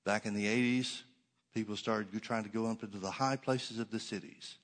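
A man's voice: fairly low pitch, fairly even intonation, a bit bright. Emphatic man preaching a sermon. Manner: emphatic, sarcastic preaching with slow stressed repetitions. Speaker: pastor.

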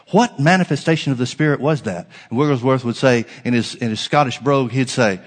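A man preaching a sermon as pastor, emphatic, swinging from loud declarations to hushed lines. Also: medium pitch, a little fast, few pauses, big-room sound.

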